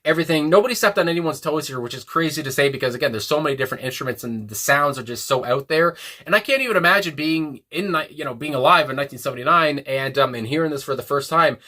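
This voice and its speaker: A man talks through a song review in a loose, rambling way, full of "um"s and restarts. His voice is bright and forward. He stays enthusiastic as he chats on. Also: a little high, fast talker, few pauses. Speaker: music reviewer. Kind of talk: casual reaction review.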